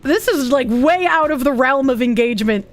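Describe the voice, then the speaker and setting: High-voiced blunt woman streamer. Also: animated, normal speed, faint music behind. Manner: blunt and profane, laughs often. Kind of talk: casual livestream chat reacting to posts.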